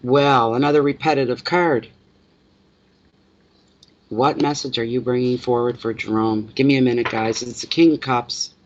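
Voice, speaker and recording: A woman's voice: a bass voice, steady tone, normal speed, darkish tone, muffled recording, slight background noise. A middle-aged woman reading tarot live from home, chatty and rambling as she talks to viewers. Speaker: tarot reader. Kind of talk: casual live reading chat. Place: home at night.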